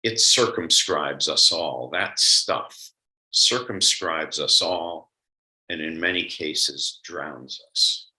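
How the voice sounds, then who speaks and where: Deep-voiced man giving a slow sermon. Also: pushed and bright, low-quality recording. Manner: thoughtful, conversational, with pauses and fillers. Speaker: lay speaker giving a d'var Torah. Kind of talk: Yom Kippur sermon over a video call.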